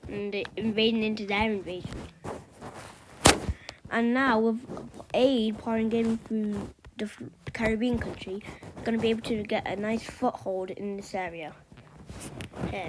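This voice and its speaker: Over a noisy background, a woman with a medium-pitched voice, a map video creator, casually narrates a map scenario. She rambles, using lots of fillers and tossing in offhand remarks.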